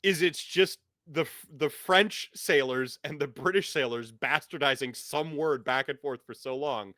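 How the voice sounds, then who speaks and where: A man acting as game master chats in a rambling way full of filler words, then moves into narrating a scene. His medium-pitched voice is pushed and bright and a little slow, recorded at studio quality with no room sound.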